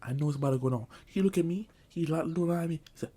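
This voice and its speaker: A man's voice: on the high side, animated, racing, few pauses, mellow. A man telling a comic storytime, talking loosely in slang and saying bro a lot. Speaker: vlogger. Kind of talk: comedic storytime.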